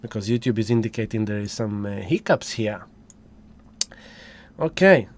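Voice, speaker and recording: A man's voice: fairly low pitch, expressive, moderate pace. A man hosting a casual livestream, effusive and whooping as he greets viewers one by one. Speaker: livestream host.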